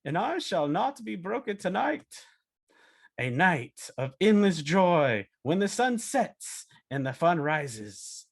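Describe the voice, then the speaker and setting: A man's voice: big pitch swings, takes it slowly, vocal fry, husky, heavily acted. A man voicing a grandly earnest male cartoon troll who speaks in a theatrical, solemn way while pledging an oath. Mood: solemn pledge. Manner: theatrical, solemn, rising high in pitch.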